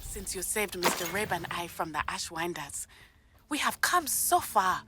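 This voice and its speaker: Brief: earnest young rebel ally, game, low-ish voice, music under. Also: female voice, very animated, unhurried. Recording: game audio with loud music.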